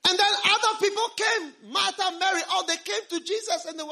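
Male preacher, high bright voice, acts out the story line by line for an interpreter. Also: brisk, creaky, hardly any pauses. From studied medicine. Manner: dramatic storytelling, acting out the characters' lines. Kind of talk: sermon with interpreter.

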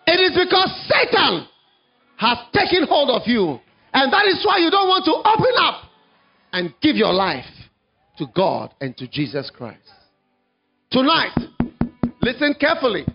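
High-voiced dramatic male preacher. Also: wildly swooping pitch, a little slow, gravelly, long pauses, muffled recording, soft background music. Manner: dramatic, swings from hushed to shouting. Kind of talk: evangelistic sermon storytelling.

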